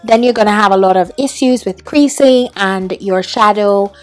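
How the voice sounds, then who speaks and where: A woman's voice: medium pitch, moderate pace, soft background music. A young woman narrating a makeup tutorial voiceover in a put-on British accent, chatty with some ums and self-corrections.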